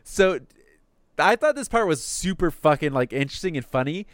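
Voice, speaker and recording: A man's voice: on the high side, sing-song, normal speed, no room sound, clean studio sound. A man casually recapping anime episodes on a podcast, cursing freely and slipping into the characters' lines. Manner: swears casually, acts out quotes in passing.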